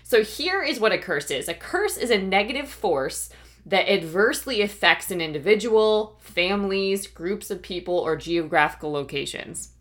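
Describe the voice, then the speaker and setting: A woman's voice: medium pitch, expressive, normal speed. A woman giving a faith-based coaching talk, conversational and encouraging, often checking in with her listeners. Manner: conversational, keeps checking in with "right?" and "okay?"; warm, encouraging, laughs now and then. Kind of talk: teaching talk.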